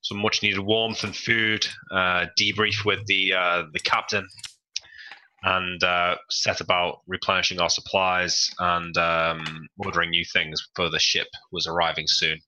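A man's voice: sits low, little pitch movement, unhurried, bright, forceful tone, a little hiss or hum, exaggerated voice, poor audio. Man doing a northern English recap narrator. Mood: dramatic. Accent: northern English, put on. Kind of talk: mock trailer-style recap narration.

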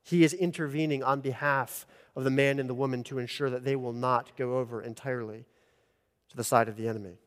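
A man's voice: medium pitch, steady tone, fairly quick. A man preaching an earnest expository sermon as pastor, rising in emphasis at key points. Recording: long church reverb.

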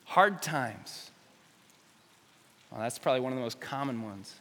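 Energetic male youth preacher, bright tense tone, big reverberant hall. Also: mid-range voice, measured pace. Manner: energetic, joking, speaks straight to teens. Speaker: youth pastor. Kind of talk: youth sermon.

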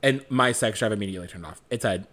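A young adult man co-hosting a podcast tells a story casually, swearing often and acting out the lines he quotes. His voice is on the low side and bright, forceful in tone, and he talks at a quick pace.

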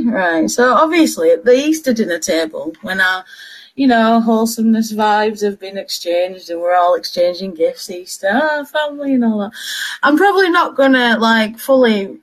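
A woman's voice: fairly high pitch, lively intonation, normal speed. A young woman in her twenties, co-hosting a casual chat show and telling stories while laughing often. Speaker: podcast co-host.

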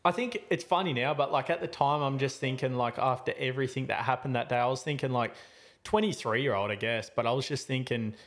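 Casual podcast chat from a young man, animated, mid-pitched, lots of fillers and restarts. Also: brisk. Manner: animated, voice jumping up and down with the story; slangy, rambling with many fillers and restarts. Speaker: podcast host.

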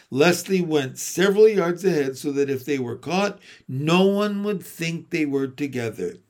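Brief: male audiobook reader, unhurried storytelling, slightly high register. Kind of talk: reading a novel aloud.

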